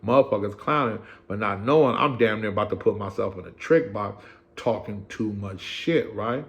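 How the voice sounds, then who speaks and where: Gravelly man telling a street story. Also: on the low side, normal speed. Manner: streetwise, profane, animated retelling with quoted voices. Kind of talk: casual storytelling.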